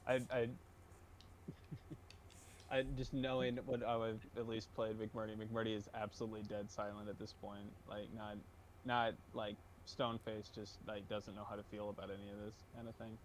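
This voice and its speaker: A man playing a tabletop game, talking in a halting way with filler words. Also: fairly low pitch, flat delivery, slight background noise. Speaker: player.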